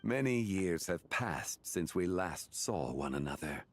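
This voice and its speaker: A calm ancient god in a video game, with a very low, stately voice that rises and falls widely, each word slow and measured. Soft game music lies beneath him. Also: male voice, slight background noise. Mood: warm. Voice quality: deep, solemn, formal diction.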